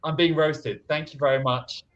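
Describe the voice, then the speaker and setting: A man's voice: a little high, steady tone, moderate pace, highs cut off. A man hosting an online improv comedy livestream, chatting casually and reading out viewer donations.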